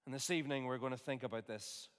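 A man preaching a sermon in an earnest, measured way, with homely asides. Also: medium pitch, smooth. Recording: long reverb of a large hall.

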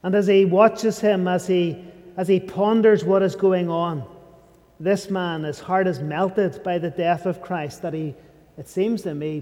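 Preacher in an echoing hall. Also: male voice, steady tone, unhurried. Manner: emphatic, drops to a hushed low voice on key phrases. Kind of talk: sermon. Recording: long reverb of a large hall.

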